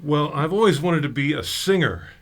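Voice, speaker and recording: A man, a guest guitarist, chatting casually in an interview and explaining things playfully with a lively voice. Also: normal speed. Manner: playful, imitates singers' high notes in his explanations. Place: music store studio. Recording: guitar playing behind the voice. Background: guitar playing.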